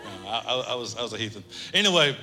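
A male pastor preaching a sermon, telling a humorous story in an animated way in a church. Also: lowish voice, fast. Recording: reverberant church hall, faint music.

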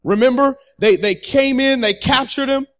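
Man, very high voice, passionate sermon, call-and-response, repeats key phrases. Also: moderate pace. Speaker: preacher.

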